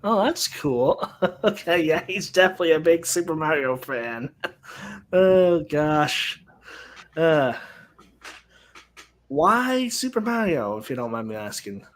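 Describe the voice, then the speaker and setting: Male host, slightly high, unhurried, relaxed and chuckly. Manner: laid-back, laughing easily. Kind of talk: casual chat.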